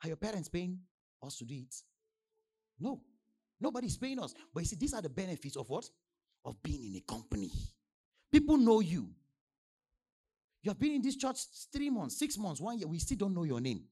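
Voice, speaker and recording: A young Nigerian man delivers an animated sermon in a Nigerian accent, leaping from loud declarations to low, confiding asides. His voice sits fairly high and carries a gravelly edge, while his pitch swings widely from line to line. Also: brisk. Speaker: pastor.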